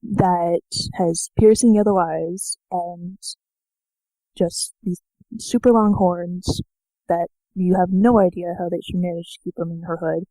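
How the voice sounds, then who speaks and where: Low-voiced woman game master. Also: steady tone, measured pace, mellow, no room sound, poor audio. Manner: casual, descriptive narration with fillers. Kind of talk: narrating a tabletop game.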